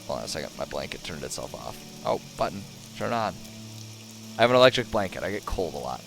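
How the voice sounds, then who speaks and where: A male streamer at home, giving sarcastic, animated commentary on a game and laughing often. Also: deep voice, fast, creaky, soft background music. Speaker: gaming streamer. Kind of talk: casual let's-play commentary.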